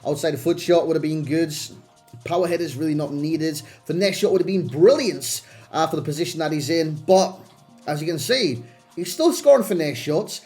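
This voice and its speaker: A man's voice: a little high, moderate pace, a little mellow, faint music behind. A young man hosting a gaming channel, talking through a player review in a chatty, self-deprecating way with plenty of restarts. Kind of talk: casual game review commentary.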